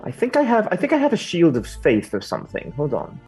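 Stumbling, animated tabletop player. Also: mid-range voice, fairly quick, soft background music. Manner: stumbling, restarting explanations. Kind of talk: casual tabletop chat.

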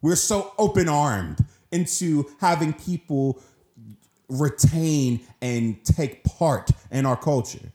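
A man's voice: a little high, expressive, takes it slowly, mellow. A man co-hosting a podcast, ranting with passion and swearing freely in a heated discussion. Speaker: podcast co-host. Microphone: studio podcast mic. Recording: echoey room.

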